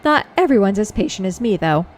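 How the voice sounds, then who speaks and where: A woman voicing a lowborn male soldier in a fantasy game who talks in rough, folksy common speech. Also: big pitch swings, brisk, a little hiss or hum, lightly acted. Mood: frank.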